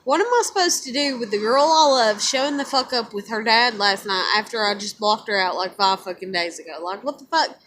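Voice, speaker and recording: A woman's voice: mid-range voice, brisk, hardly any pauses, fairly bright tone, a little hiss or hum. A woman rambling and swearing to camera over drinks, swinging between bitter anger and teary outbursts. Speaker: vlogger.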